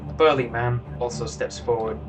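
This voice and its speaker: A British man running a tabletop game as game master, narrating at an easy pace, a little halting. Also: medium pitch, soft background music. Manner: relaxed, descriptive, a little halting.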